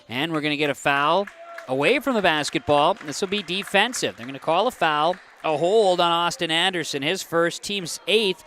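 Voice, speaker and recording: A man doing live play-by-play of a high school basketball game, with quick calls that jump up on big plays. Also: fairly bright tone, a little hiss or hum. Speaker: play-by-play announcer.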